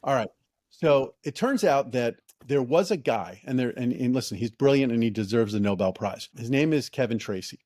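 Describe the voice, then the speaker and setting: A middle-aged man, a company founder and podcast guest, telling stories in an enthusiastic, excitable way with many restarts and fillers. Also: mid-range voice, normal speed, dry recording. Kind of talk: casual interview storytelling.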